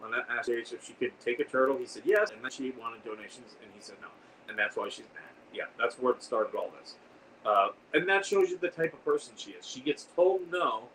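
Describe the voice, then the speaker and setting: A man's voice: medium pitch, a little fast, a bit bright, recorded from a distance, low-quality recording. Livestream host, male, rambling chatty delivery, set back from the mic with faint noise behind him. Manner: rambling, reads and answers viewer comments. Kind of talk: casual livestream chat.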